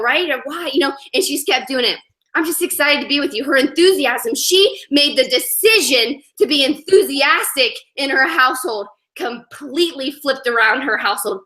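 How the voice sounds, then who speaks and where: Bright, high-voiced energetic woman speaker. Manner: energetic, repeats "you know what I mean". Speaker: motivational speaker. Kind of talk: live motivational talk to an audience.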